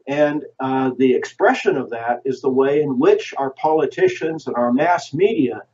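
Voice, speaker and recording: A man speaking as a guest historian in a radio interview, delivering measured, lecturing answers full of long lists and "uh" pauses. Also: medium pitch, a little mellow. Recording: distant, dull lo-fi radio audio.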